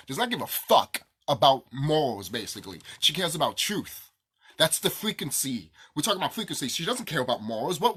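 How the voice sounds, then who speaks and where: A young man rants straight to his audience, swearing often and circling back over the same points. His voice is husky and bright, and it swings widely in pitch as he heats up. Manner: angry, profane, repetitive ranting. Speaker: vlogger. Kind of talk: ranting to camera.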